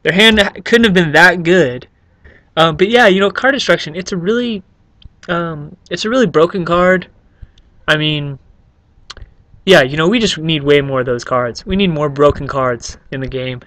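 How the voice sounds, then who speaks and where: A man's voice: on the high side, moderate pace, pushed and bright, no room sound. A man casually explaining his card game deck, rambling and joking with many fillers. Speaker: YouTube card game creator.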